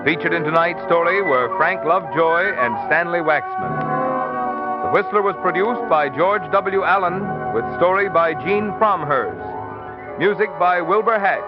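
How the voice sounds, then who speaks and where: A man announcing credits in a formal, measured broadcast style. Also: high-pitched. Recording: dull 1940s radio broadcast over loud music. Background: music.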